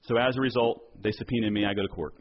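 A male pastor preaching a sermon earnestly, acting out quoted dialogue and dropping softer on key points. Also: lowish voice, fairly even intonation, fast, highs cut off.

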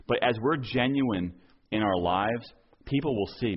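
A man's voice: fairly low pitch, expressive, moderate pace, muffled recording. A man preaching a sermon as pastor, earnest, often repeating and restarting words as he presses his point.

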